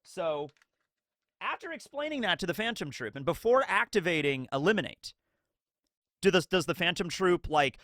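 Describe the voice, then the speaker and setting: Animated, high-pitched man commenting on anime. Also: normal speed, dry recording, clean studio sound. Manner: animated, acts out quotes, swears casually. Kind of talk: casual spoken video commentary.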